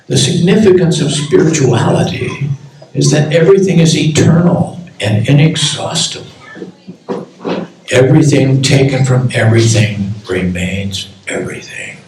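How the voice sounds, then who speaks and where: A man in his eighties from the United States reading aloud from his own memoir at a book launch, in a slow, measured way with quoted speech. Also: fairly high pitch, a little mellow, a little hiss or hum. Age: 80s. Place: temple hall at a book launch. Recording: echoey hall from far off.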